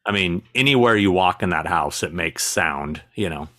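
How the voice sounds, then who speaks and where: A man co-hosting a casual live chat, telling stories in an animated way and laughing easily. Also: low voice, normal speed. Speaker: co-host.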